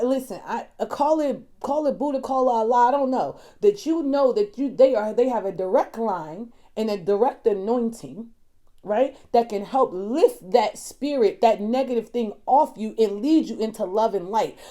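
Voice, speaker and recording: A woman life coach giving a motivational talk, preachy and repetitive, moving from hushed storytelling to loud exhortation. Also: on the high side. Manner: preachy, emphatic and repetitive, addresses listeners as y'all. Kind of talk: motivational self-help talk.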